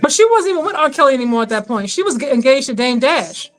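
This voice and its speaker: A woman co-hosting a livestream, chatting fast in slang with frequent laughs. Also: high voice, animated, poor audio. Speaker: co-host of a livestream watch-along. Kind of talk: casual chat reacting to a livestream.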